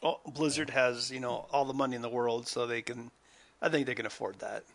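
A man with a bright, forward voice chats about games. He talks in animated bursts and often stops to restart. His pitch sits in the middle. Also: brisk. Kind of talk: casual chat about video games.

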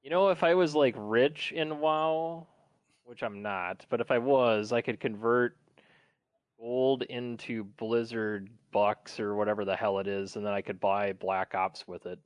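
A man's voice: mid-range voice, fairly even intonation, measured pace, smooth, no room sound. A man co-hosting a podcast, chatting loosely and rambling with lots of fillers. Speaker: podcast co-host. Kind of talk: casual chat.

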